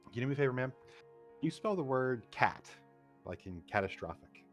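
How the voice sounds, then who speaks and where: A man's voice: mid-range voice, animated, fairly quick, soft background music, close to an everyday voice. A man voicing a patient, polite male grocery clerk in a told joke. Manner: patient, over-courteous.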